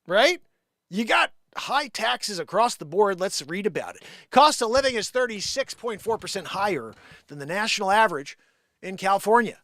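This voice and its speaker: A man hosting a live comedy stream, reading an article aloud and cutting in with sarcastic, mocking jabs. His voice sits high and leaps all over the place. The sound is dry and close. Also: a bit bright, dry recording.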